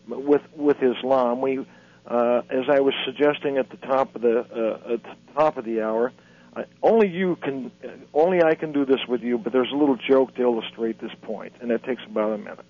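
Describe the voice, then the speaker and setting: In a radio interview, a man with a mid-range voice appears as an author and lecturer guest, halting and repeating words as he tells his story. The radio audio is dull and lo-fi.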